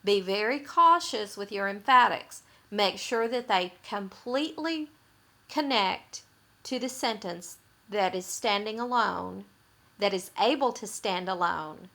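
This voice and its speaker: A woman's voice: mid-range voice, expressive, a little slow, bright, forceful tone. A woman teaching writing rules, explaining grammar patiently and repeating her points for emphasis.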